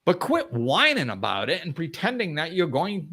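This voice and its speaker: A man's voice: on the high side, wildly swooping pitch, fairly quick, hardly any pauses, bright, forceful tone. A middle-aged man hosting a live spiritual talk, blunt and emphatic, acting out the voices of people he quotes. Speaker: spiritual teacher, host.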